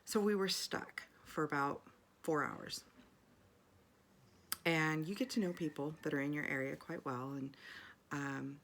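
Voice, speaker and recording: Middle-aged woman vlogger, low gravelly voice, chatty, rambling storyteller. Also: fairly even intonation, unhurried, pauses often, fairly bright tone, slight background noise. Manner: chatty, rambling, many fillers and restarts. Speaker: video journal vlogger. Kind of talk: casual personal storytelling.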